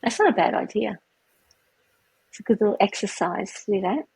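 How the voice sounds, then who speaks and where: A woman with a very husky, breathy voice co-hosts a relaxed podcast, talking things through reflectively and agreeing often. Her pitch is ordinary for a woman. The sound is dry and close, with no room echo. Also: moderate pace. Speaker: podcast co-host. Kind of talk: casual chat.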